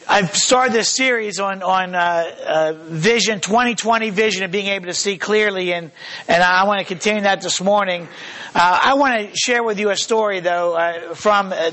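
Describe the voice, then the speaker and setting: A pastor preaches a sermon in a fairly high voice for a man. His delivery is halting, full of small fillers and restarts, and he slows to a deliberate pace when reading scripture aloud. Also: fairly bright tone.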